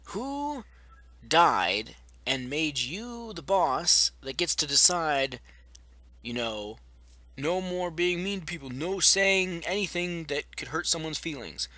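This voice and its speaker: A young man rants to his viewers in a sarcastic, profane way. He talks at an unhurried pace, his voice bright and cutting, and his pitch swings a lot. The recording is dry and close, with no room sound. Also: animated, dry recording. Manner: sarcastic, blunt and profane, with mocking mimicry. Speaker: vlogger. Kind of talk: ranting commentary to camera.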